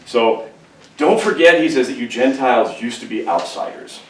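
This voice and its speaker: A man from California, a pastor, preaching a humorous, conversational sermon with animated storytelling. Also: mid-range voice, moderate pace. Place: church sanctuary. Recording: echoey church room, distant mic, faint hiss.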